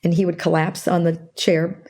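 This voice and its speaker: Older lady explaining stuff in an interview, gravelly low warm tone, acts out the back-and-forth. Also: normal speed. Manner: animated storyteller, acts out quoted dialogue. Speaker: guest expert on interpersonal skills.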